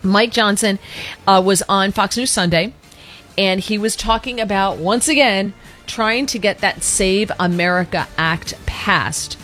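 A woman's voice: medium pitch, measured pace, fairly bright tone, soft background music. A middle-aged woman hosting political commentary, chatty and sarcastic, reading quotes aloud and reacting to them. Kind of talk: opinionated commentary.

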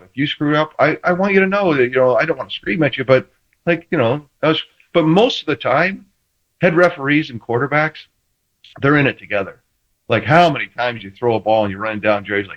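Man, former quarterback, animated storyteller, playful quoted banter, dull lo-fi sound. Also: on the high side, brisk. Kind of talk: casual sports talk.

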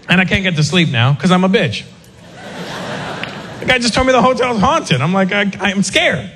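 A man from North America doing stand-up comedy, telling a story in an animated, self-mocking way. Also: sits high, a little slow, pauses often, background noise.

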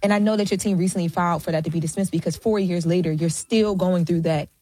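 Woman host, lowish voice, measured, direct questions, interview style. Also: steady tone, warm tone.

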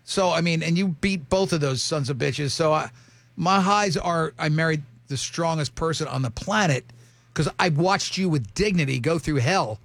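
Gravelly rambling man telling marriage stories. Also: on the high side, moderate pace, fairly bright tone, dry recording. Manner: rambling storyteller with restarts, laughs easily. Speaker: radio show host talking about his marriage. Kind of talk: casual chat.

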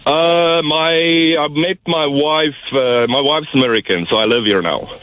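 A man with a South African accent calling a radio show while driving to work, talking in a relaxed, halting way. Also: fairly high pitch, no room sound. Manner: halting, relaxed, many fillers. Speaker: caller. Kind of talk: casual call-in chat. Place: car on the way to work.

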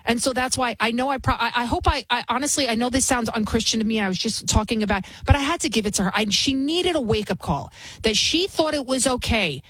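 Female talk-radio host in her forties with a breathy edge; heated, opinionated monologue. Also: fairly high pitch, expressive, quick pace, fairly bright tone, dry recording, poor audio. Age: 40s. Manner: combative, ranting storytelling.

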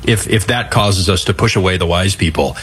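A man in a talk show discussion, speaking in a halting, reflective way with frequent restarts. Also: low-pitched, a bit bright, husky. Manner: halting, restarts often, measured.

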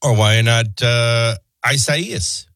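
Male talk radio host, husky and stuffed up, lively rambling delivery, dry close mic. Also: on the low side, normal speed, dry recording. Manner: rambling, wry and conversational. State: stuffy and congested. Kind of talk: casual talk radio chat.

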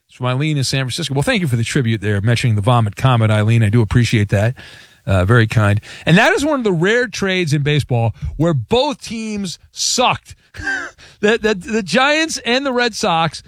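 A man hosting a sports talk radio show, joking with callers and teasing his crew. His voice sits a little high for a man, and the studio mic sounds close and dry with no room around it. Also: sing-song, normal speed, dry recording. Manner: wisecracking, playful, mock outrage. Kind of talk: call-in talk radio banter. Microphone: studio broadcast mic.

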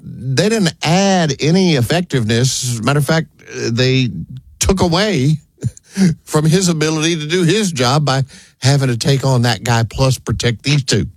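A man cracks wry, deadpan jokes as a talk show co-host. He has a mid-pitched voice, recorded dry and close. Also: unhurried, no room sound. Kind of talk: casual talk show banter.

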